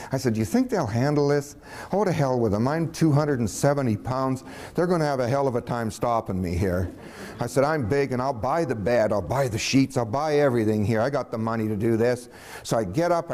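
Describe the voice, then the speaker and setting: Guy telling a story, chuckles a lot, does little voices for people, mid pitch. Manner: animated storytelling, chuckling, acting out quoted voices. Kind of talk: casual anecdote telling.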